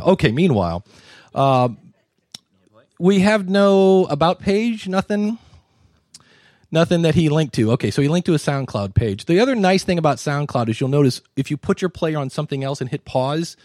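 A man runs a live podcast critique session for an audience, sharply joking as he goes. His voice sits fairly high and swings widely in pitch. The sound is dry and close. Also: no echo. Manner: animated, joking and wisecracking. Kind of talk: live panel commentary. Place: conference room before a live audience.

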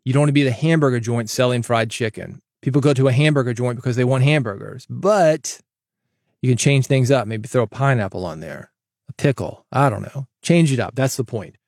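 Gravelly-voiced man hosting a podcast. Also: medium pitch, fairly quick, darkish tone, no echo, studio quality. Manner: varied, emphatic delivery with casual asides. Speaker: podcast host. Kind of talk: solo podcast monologue. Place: foam-treated closet home studio. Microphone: studio microphone.

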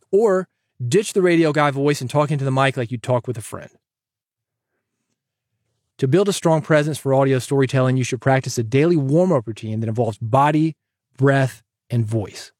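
A man hosting a podcast, giving advice in an energetic, chatty way that jokes with the listener. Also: medium pitch, dry recording, clean studio sound. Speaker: podcast host and coach.

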